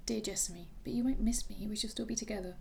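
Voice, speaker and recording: A woman reading aloud as a lively young heroine who speaks earnestly and reassuringly. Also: medium pitch, fast talker, creaky, a little hiss or hum, voice pushed up, close to an everyday voice. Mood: tender.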